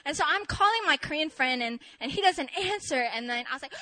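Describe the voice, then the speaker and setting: A young woman telling an animated story to an audience, excitable and laughing often. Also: high-pitched, a little fast, noisy background. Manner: excitable, shrieks in re-enacted moments, laughs often. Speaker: speaker sharing a testimony.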